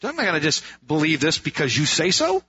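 High, bright-voiced preacher man. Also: wildly swooping pitch, a little fast, husky. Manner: earnest, rhetorical questions, restarts and emphatic repetition. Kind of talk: sermon. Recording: dull lo-fi sound.

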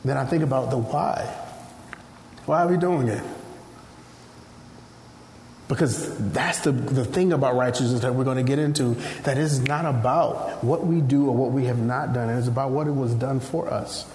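A man from Nigeria, preaching a sermon in an animated storytelling way and acting out voices. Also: mid-range voice, normal speed, slight background noise. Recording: echoey hall, faint ambience.

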